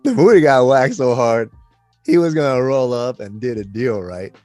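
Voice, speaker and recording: A man's voice: mid-range voice, animated, normal speed, darkish tone, no room sound, faint music behind. A man making laid-back remarks in a casual chat. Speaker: guest.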